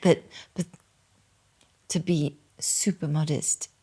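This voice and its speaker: A French woman in her fifties speaking English with a posh English accent, answering interview questions softly and hesitantly, with many pauses. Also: sits low, fairly even intonation, slightly rough. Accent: posh English with slight French. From France. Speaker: guest.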